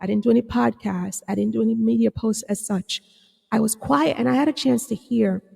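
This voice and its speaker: Woman therapist doing a solo podcast, kinda gravelly and mellow, rambly earnest talk, echoey with long reverb. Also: on the high side, brisk. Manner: earnest, rambling, many fillers and restarts. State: slightly hoarse, clearing her throat. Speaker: podcast host and psychotherapist.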